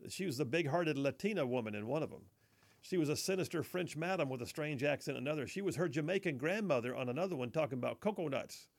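Gravelly-voiced talk radio host. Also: male voice, a little high, expressive, fast talker. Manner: mocking, folksy, says y'all often. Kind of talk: political talk radio commentary. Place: radio studio.

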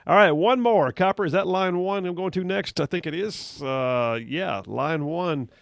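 Male talk radio host, gravelly, slightly high voice, dry close studio mic. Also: dry recording. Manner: upbeat, quick banter with callers, frequent laughs.

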